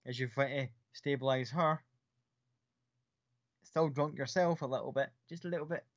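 A man running a tabletop game, narrating in a loose, rambling way full of fillers. His voice sits at a middle pitch, and the recording is dry and a little muffled. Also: normal speed, dry recording. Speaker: game master.

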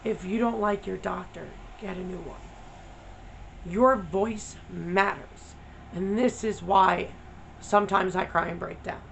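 A woman's voice: medium pitch, fairly even intonation, measured pace, creaky, a bit bright, a little hiss or hum, rough recording. A woman vlogger talking candidly, blunt and profane, venting her frustration. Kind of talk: candid personal vlog.

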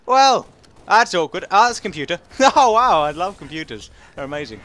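A young man with an English accent giving casual, rambling commentary over a game, excitable and laughing often. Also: fairly high pitch, fairly quick, a little hiss or hum. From England. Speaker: gaming commentator.

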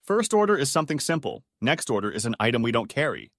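A man reading online stories aloud as scripted narration, in a lively, animated way. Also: medium pitch, quick pace, no room sound, clean studio sound. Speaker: story narrator.

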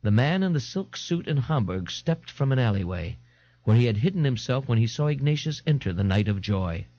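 Male narrator, animated pitch, dry, dull 1980s audiobook tape. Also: a little fast, no echo. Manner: expressive, animated. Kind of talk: dramatic audiobook reading.

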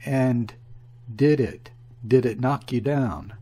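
A man's voice: mid-range voice, animated, takes it slowly, mellow, breathy edge. A man reading as a solemn credulous sea captain. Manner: solemn and earnest.

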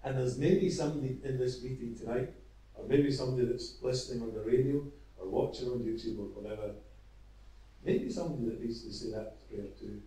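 A man preaching an evangelistic sermon, retelling a parable earnestly with halting restarts. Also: mid-range voice, mellow. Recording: echoey, from far off.

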